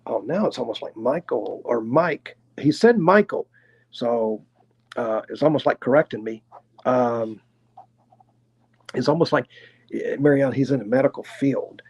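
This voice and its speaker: A man with a Tennessee accent doing a live clairvoyant reading, talking in an unhurried, chatty way and hedging his guesses. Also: mid-range voice, vocal fry, a little mellow, breathy edge. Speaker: clairvoyant medium.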